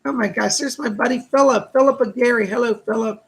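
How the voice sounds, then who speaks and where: A man hosting live psychic readings, thanking donors and relaying spirit messages in a slightly hoarse voice. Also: very high voice, steady tone, fairly quick, low-quality recording. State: hoarse, voice going. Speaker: psychic medium host.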